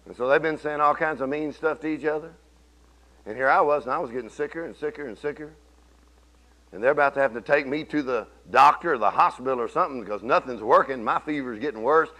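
Folksy preacher man, bright voice. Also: quick pace. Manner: folksy storytelling preacher, swings from low murmur to shouting. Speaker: pastor. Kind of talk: sermon. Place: church.

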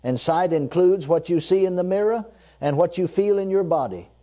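A man preaching a sermon, leading his listeners in call-and-response declarations, repeating key phrases and slowing down to read scripture. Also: high voice, dark tone.

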